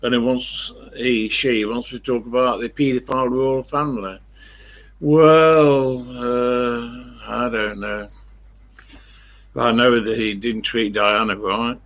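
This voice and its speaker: A man's voice: medium pitch, steady tone, slow pace, a bit bright. An older man hosting a live stream, chatting in a rambling, blunt way, swearing freely and correcting himself as he goes.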